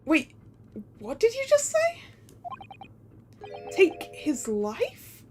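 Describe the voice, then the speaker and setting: A woman's voice: high-pitched, expressive, takes it slowly, noisy background, full character voice. A woman voicing a bewildered young male lawyer in a video game, talking in a hesitant, confused way.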